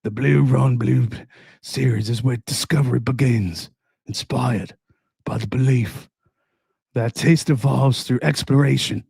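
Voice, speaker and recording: A man imitating a sultry French-accented voice from a perfume ad, slow and half-whispered. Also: mid-range voice, vocal fry, dark tone, breathy edge, no room sound, studio quality, heavily acted. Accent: put-on French.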